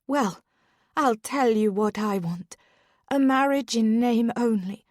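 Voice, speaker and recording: A woman's voice: on the high side, takes it slowly, no room sound, studio quality, pitched above the performer's own voice. A woman voicing a stubborn, indignant young lady. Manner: sharp, rising and heated.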